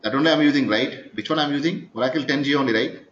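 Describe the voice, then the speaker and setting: A man's voice: medium pitch, fast talker, fairly bright tone, slight background noise. A man teaching a live coding lecture, constantly checking in with his students by asking yes-or-no questions. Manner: keeps quizzing the class, asking 'yes or no?'. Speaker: programming instructor. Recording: echoey, dull recording of a class session.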